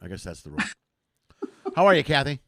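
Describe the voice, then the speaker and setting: A man's voice: medium pitch, huge pitch swings, a little fast, fairly bright tone. A man from the area, a comedian hosting a casual live chat show and rambling jokily. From Chicago area. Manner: rambling, jokey, self-deprecating.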